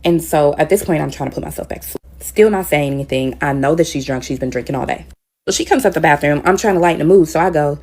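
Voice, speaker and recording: Her voice sits low and moves fast as she, a teacher, shares a story frankly and casually, cursing without filter. The telling gets louder and more heated along the way.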